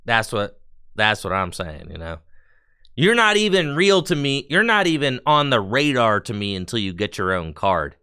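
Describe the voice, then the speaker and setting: A man's voice: mid-range voice, sing-song, moderate pace, sharp tone, clean tone. A man chatting casually on a live stream while opening card packs, talking in a chatty, slangy way with bursts of enthusiasm.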